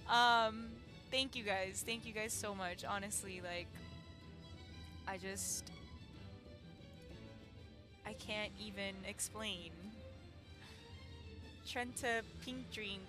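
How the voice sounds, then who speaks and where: A woman's voice: mid-range voice, slow, long pauses, music in the background. A young woman streamer chatting casually with viewers, giggly, flustered and emotional. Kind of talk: casual live-stream chat.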